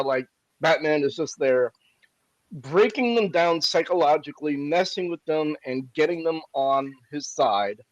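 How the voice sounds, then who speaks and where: Higher-pitched man on a dull mic. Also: dry recording. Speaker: podcast co-host. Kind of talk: casual chat.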